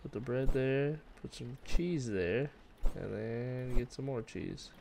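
A man's voice: mid-range voice, slow pace, gravelly, very noisy. A man hosting a casual game walkthrough, reacting with startled outbursts and mild swearing. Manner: excitable, jumpy, swears in surprise. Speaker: gaming channel host.

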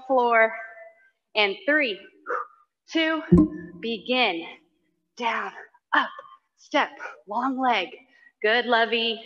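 A woman leads a live workout class in a fairly high, bright voice. She calls short, widely spaced cues, counts down and cheers people on by name, breathing hard as she works out along with them. The audio is dull and lo-fi. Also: big-room sound. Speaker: fitness instructor.

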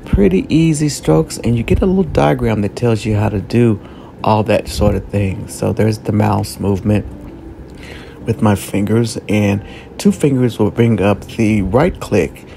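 Gravelly, upbeat man reviewing a gadget. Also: lowish voice, unhurried, dark tone, a little hiss or hum. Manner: chatty, upbeat, repeats words for emphasis. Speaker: product reviewer. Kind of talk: casual product review vlog.

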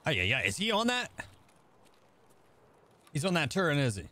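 A man streaming a game live, chatting casually with viewers and thinking out loud as he plays. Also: on the high side, wildly swooping pitch, normal speed. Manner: chatty, thinking aloud, talking to chat. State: out of breath. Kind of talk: casual live-stream chat while gaming.

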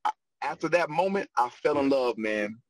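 A man's voice: mid-range voice, lively intonation, moderate pace, rough recording. A middle-aged man telling a personal story with energy, repeating words as he gathers his thoughts. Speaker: guest on a discussion panel.

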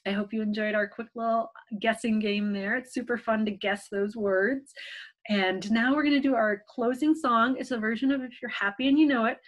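A young woman leading a children's story time as librarian, gently coaxing her young listeners with questions. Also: a little high, moderate pace, dull audio.

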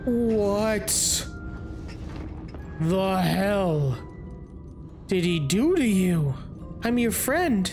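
A man giving let's play commentary, excitable, yelping and groaning, swearing, with mock-dramatic asides. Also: high voice. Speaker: gaming YouTuber.

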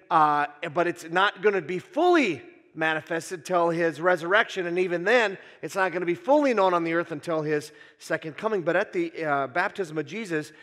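A man's voice: high-pitched, a bit bright. A man preaching a sermon as pastor, casual and joking, with frequent "uh" fillers. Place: church sanctuary. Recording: long church hall reverb.

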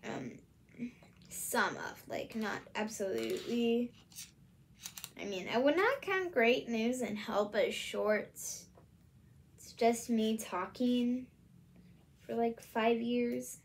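A woman's voice: on the high side, animated, slow, pauses often. Rambling woman. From Midwest US. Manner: rambling and hesitant, many fillers. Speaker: channel host. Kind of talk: casual solo vlog.

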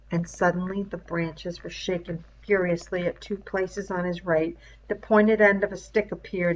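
A woman reading a novel aloud in a measured storytelling manner, with the cries in the story voiced aloud. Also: fairly low pitch, a little hiss or hum. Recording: dull lo-fi recording.

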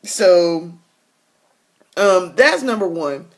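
A woman's voice: lowish voice, animated, drawn-out words. A woman talking candidly in a casual personal vlog, laughing often and restarting her sentences. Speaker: vlogger.

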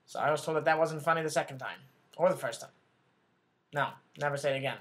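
A man's voice: on the high side, fast talker, fairly bright tone, lightly acted. Man playing a bumbling self-important news anchor. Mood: flustered. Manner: rambling, flustered, corrects himself, talks back off-camera. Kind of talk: comedy sketch acting.

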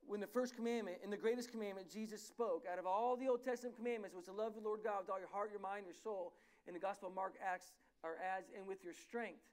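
A pastor preaching a sermon in a church, telling stories animatedly and often correcting himself mid-sentence. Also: male voice, sits high. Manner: animated, self-correcting storyteller.

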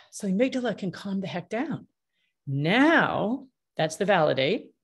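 A middle-aged woman, a mediator answering interview questions in an energetic, emphatic way and acting out the dialogue she quotes. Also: medium pitch, measured pace, breathy edge. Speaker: mediator and author.

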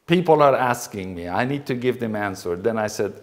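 A man's voice: mid-range voice, lively intonation, moderate pace, gravelly, few pauses. A middle-aged man from Iran, teaching in an earnest talk with frequent restarts. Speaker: Christian teacher.

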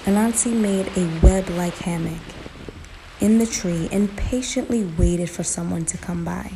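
A woman narrating a folktale in a slow, emphatic storytelling manner, in a noisy recording. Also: fairly low pitch.

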